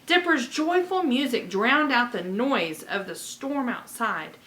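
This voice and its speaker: A woman reading a children's chapter book aloud with expressive delivery and chatty asides. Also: on the high side, takes it slowly, poor audio. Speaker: reader.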